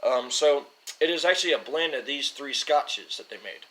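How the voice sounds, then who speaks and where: Bright-voiced rambling man. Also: medium pitch, animated, normal speed, low-quality recording. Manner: rambling, self-mocking, fumbles names. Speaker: show host. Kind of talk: casual whiskey-tasting talk.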